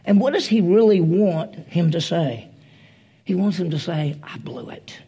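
A man's voice: high voice, unhurried, dark tone, slightly rough. A man preaching a conversational sermon, acting out the quoted voices as he retells a story.

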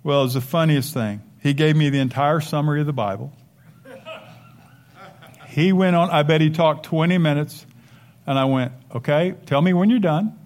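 A man's voice: on the high side, normal speed, pauses often. An older man preaching a sermon as a pastor, emphatic and conversational, with frequent asides.

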